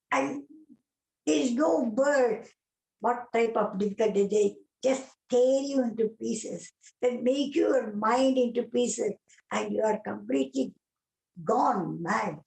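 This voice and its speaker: An older woman from India with a South Indian English accent tells devotional stories in a fairly high, gravelly, darkish voice with roomy echo. Her retelling is emotional and vivid, full of exclamations.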